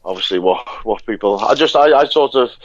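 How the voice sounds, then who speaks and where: Chatty British actor, laughing often. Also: male voice, lowish voice, animated, brisk, dry recording. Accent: British regional. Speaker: podcast guest, actor. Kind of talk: casual chat. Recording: dull lo-fi sound, dry.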